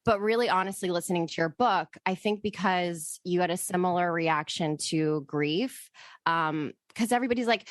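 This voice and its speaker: Woman, podcast co-host, low voice, rambling emotional storyteller, swears freely. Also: moderate pace, no room sound. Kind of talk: casual podcast chat, personal storytelling.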